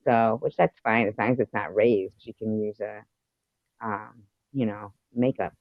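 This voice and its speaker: A man's voice: lowish voice, fairly even intonation, measured pace, dry recording. Casting: man, rambling stream host, dry dull audio. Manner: rambling, swears freely, lots of fillers. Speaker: livestream host. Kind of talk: casual chat.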